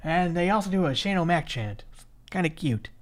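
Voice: medium pitch, moderate pace. Chatty co-host from minnesota in their 30s, swears a lot, voice swoops all over, says like constantly. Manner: lively, swearing freely, many likes and restarts. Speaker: podcast co-host. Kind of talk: casual chat recapping a wrestling match.

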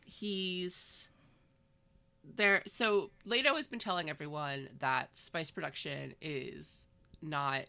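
A woman chatting casually with dry, sarcastic asides. Her voice is bright and a little gravelly, and she sits somewhat low in pitch. She talks like a relaxed co-host going over a story. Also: takes it slowly. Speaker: podcast co-host. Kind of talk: casual chat recapping a book.

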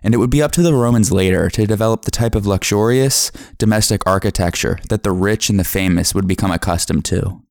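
A man narrating a history podcast from a script, in a measured reading manner. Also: fairly low pitch, dry recording, studio quality.

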